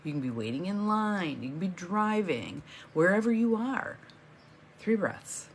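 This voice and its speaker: A middle-aged woman with a slightly low voice talks viewers through her live morning coaching stream. She is chatty and encouraging and welcomes each viewer by name as they join. A faint hum of room ambience sits under her voice. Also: big pitch swings, moderate pace. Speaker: empowerment coach hosting a live morning session.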